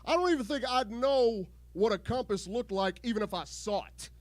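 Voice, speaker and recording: A man with an unusually high, light voice performs crude stand-up, rambling and restarting his sentences. The sound is close and dry, with almost no room echo. He does his set at a home garage show before a live crowd. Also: animated, normal speed. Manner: crude, rambling jokes with repeated false starts. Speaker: stand-up comedian.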